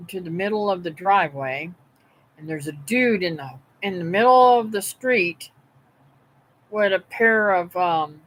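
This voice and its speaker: A middle-aged woman of medium pitch and fairly bright tone rambles through a folksy story for viewers of her homestead livestream, broadcasting from home. She's chatty and meandering, and the recording quality is low.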